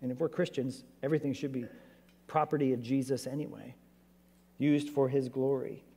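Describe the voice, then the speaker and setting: A man preaching a sermon as pastor, animated and conversational, asking his church many rhetorical questions. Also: medium pitch, moderate pace, creaky, breathy edge, in a large hall.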